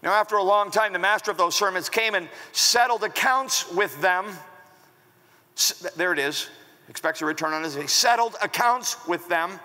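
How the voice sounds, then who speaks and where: A man preaching from the pulpit in a bright, forceful voice pitched a touch high. He acts out the scripture with sudden shouts. The sound rings with the long reverb of a big church hall. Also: normal speed. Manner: animated preaching, acting out the servant with raised shouts. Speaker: pastor. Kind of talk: sermon.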